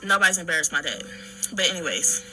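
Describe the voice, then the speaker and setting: A woman recounting her own story in halting, earnest talk full of restarts and fillers. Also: on the low side, lively intonation, sharp tone, soft background music, rough recording. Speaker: daughter telling her story. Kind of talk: personal account.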